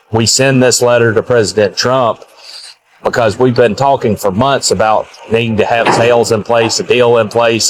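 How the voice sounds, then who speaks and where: A man speaking for farmers in a news clip, measured and halting with frequent fillers. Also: on the low side, slight background noise, low-quality recording. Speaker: farm advocate.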